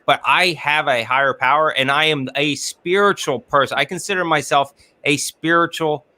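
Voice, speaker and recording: A man's voice: fairly high pitch, sharp tone. A man, a business strategist, guest on a video-call interview from his office, talking earnestly and often repeating words as he gathers his thoughts. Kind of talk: casual interview chat.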